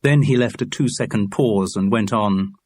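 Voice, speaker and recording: Male audiobook narrator, measured and even, husky and low. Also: no echo. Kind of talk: scripted narration.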